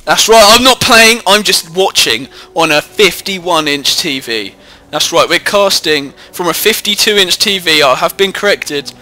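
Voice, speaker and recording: A teenage gameplay commentator from Britain talks a little slowly in a high, animated voice that is bright and forceful. Into his headset mic he delivers rambling, jokey, self-deprecating commentary on a strategy game, recording indoors at home away from his usual spot.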